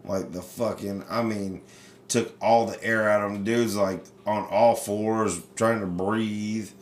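A man hosting a casual chat, telling baseball stories with lots of swearing and animated energy. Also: lowish voice, takes it slowly, roomy sound. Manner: profane, animated storyteller. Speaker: podcast host.

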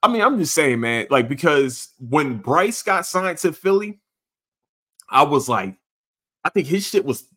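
A man hosting a casual sports podcast, rambling and swearing, jumping into sudden high excited outbursts. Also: a little slow. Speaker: podcast host.

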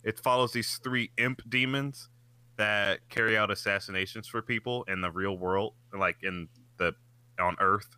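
Bright-voiced animated man chatting. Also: normal speed, smooth, no echo. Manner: animated, swearing, pitch jumps up when excited. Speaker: podcast co-host. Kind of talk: casual chat.

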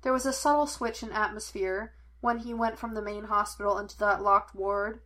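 A woman reading fan fiction aloud as an audiobook, in an even, plain storytelling manner. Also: mid-range voice, moderate pace. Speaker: audiobook reader.

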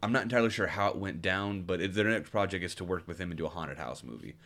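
Very deep-voiced man, casual podcast chat. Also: fast talker, a bit bright, a little hiss or hum. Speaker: podcast co-host.

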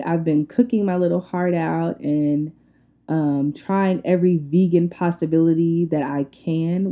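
A young woman in her twenties chats alone on her podcast, loose and blunt, often laughing as she rants. Her voice sits a little low and sounds very dark and mellow. She tells her stories with animated, colloquial energy. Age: 20s. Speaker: podcast host. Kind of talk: casual solo podcast chat.

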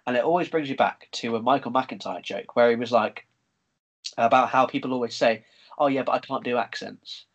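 A man's voice: medium pitch, highs cut off. Chatty podcast host, a man. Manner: chatty, excitable, swearing, quick to laugh. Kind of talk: casual chat.

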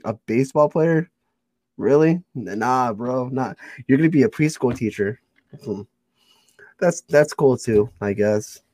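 A young man chats as an interview host, quick to joke at his own expense and to laugh. His voice sits at an ordinary pitch, recorded close and dry with no room sound. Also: a little mellow, no room sound. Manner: joking, self-deprecating, laughs often. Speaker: podcast host. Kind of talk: casual interview chat.

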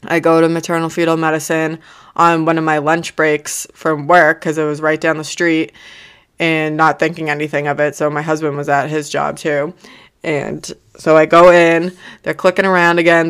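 A woman's voice: low-pitched, clear, resonant tone. Blunt, swearing young woman podcaster. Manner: blunt, casual, swears freely; emotional, laughs through the hard parts. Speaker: podcast host. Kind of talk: candid personal storytelling.

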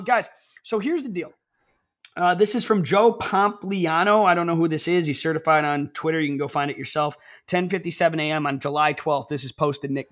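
A young man co-hosting a casual streamed chat, excitable and rambling. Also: on the high side. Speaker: co-host.

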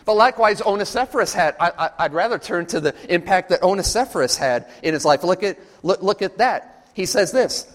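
A man's voice: high-pitched, lively intonation, a little fast, few pauses, big-room sound. A man preaching a sermon at a church camp, emphatic and repetitive, often putting questions to his listeners. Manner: emphatic, repetitive, quizzes the audience.

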